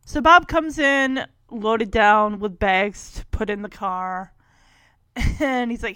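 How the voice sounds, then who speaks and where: A woman giving casual commentary on a film, retelling scenes in an animated way and laughing often. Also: a little high, measured pace, dry recording. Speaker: movie recap commentator.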